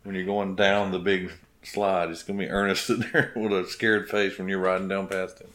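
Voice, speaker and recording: Very deep-voiced man pitching ideas. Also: flat delivery, brisk, fairly bright tone. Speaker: podcast co-host. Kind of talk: casual chat.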